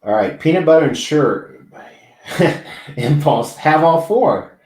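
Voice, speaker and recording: A man's voice: a little high, expressive, takes it slowly, a little mellow, reverberant. A man hosting a live stream, chatting casually and rambling, swearing freely as he talks to viewers. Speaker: livestream host. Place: large indoor convention venue.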